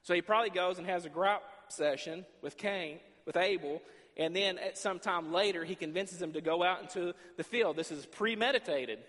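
Pastor, high-pitched man, preaching with shifting volume and acted-out dialogue, reverberant church. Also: moderate pace, fairly bright tone. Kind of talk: sermon. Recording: long reverb in a large hall.

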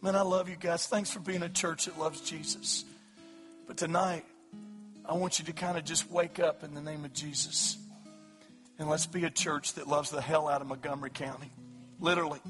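Impassioned male preacher, pleading to shouting. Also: on the high side. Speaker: pastor. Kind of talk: evangelistic sermon. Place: church service.

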